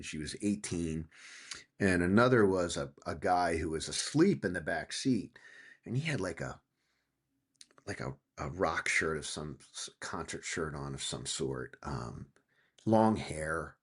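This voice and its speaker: A man in his fifties from Pennsylvania has a low, husky voice and talks a little slowly. He's a guest author in a casual interview, animatedly telling a story, acting out quotes, and swearing freely.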